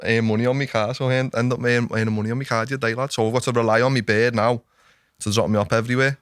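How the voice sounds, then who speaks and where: Young liverpool guy gabbing fast on a podcast, dry close mic, lad this lad that, lots of swearing. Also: mid-range voice, fairly even intonation, clear, resonant tone, no room sound. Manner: rapid, swearing, says "lad" a lot. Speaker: podcast guest. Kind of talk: casual chat.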